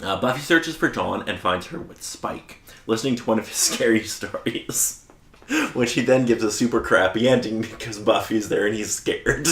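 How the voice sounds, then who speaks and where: A man's voice: lowish voice, moderate pace, roomy sound. A man co-hosting a podcast, recapping an episode in a casual way and laughing often. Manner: laughs often, animated plot summary.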